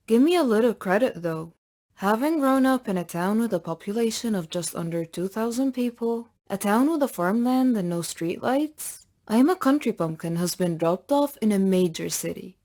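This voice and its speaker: Woman with a mellow, calm narrating voice. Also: mid-range voice. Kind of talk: first-person story narration.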